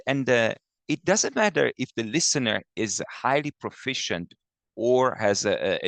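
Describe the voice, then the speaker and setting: Man, academic webinar lecture, gravelly voice, dry close sound, halting with fillers, keeps asking "okay?". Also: fairly low pitch, a bit bright, dry recording. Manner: halting, many fillers, ends points with a checking "okay?". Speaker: academic presenter. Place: home or office, speaking from afar over the web. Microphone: video call computer mic.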